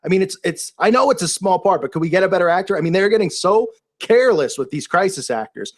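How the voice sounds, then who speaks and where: A man's voice: high-pitched, expressive, fast. A man talking in a casual, unscripted monologue, rambling and incredulous, with many restarts and fillers. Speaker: video commentator.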